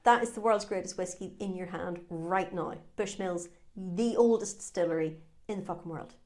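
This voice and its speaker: A woman's voice: on the low side, normal speed, a little mellow. A woman with an Irish accent co-hosting a casual whiskey-tasting podcast, full of cheeky, sweary banter. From Ireland. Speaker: podcast co-host.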